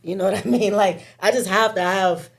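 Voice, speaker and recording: A mother of three talks frankly and in a laid-back way about her own time during a podcast chat in a studio, calling music therapy. Her voice is medium-pitched, steady, fairly quick, gravelly and husky.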